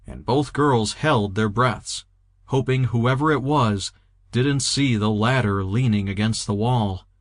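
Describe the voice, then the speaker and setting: A man narrating an audiobook in a steady, even reading voice, recorded close to the mic. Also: on the low side, no room sound. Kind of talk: scripted narration.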